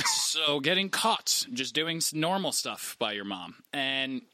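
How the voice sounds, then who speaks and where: Young male co-host, bright, dry close sound, teasing and playful. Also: on the high side, big pitch swings, no room sound. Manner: playful, teasing, quick to laugh. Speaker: podcast co-host. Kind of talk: casual chat.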